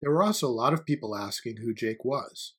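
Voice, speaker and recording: Husky-voiced man narrating a story. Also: mid-range voice, fairly quick. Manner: steady, even-paced storytelling delivery. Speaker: audiobook narrator.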